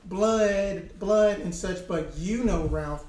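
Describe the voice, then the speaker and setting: A man running a tabletop horror game as game master, explaining rules in halting, repetitive bursts. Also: high voice, darkish tone. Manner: halting, repeats words while explaining rules. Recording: echoey room, distant mic, faint noise.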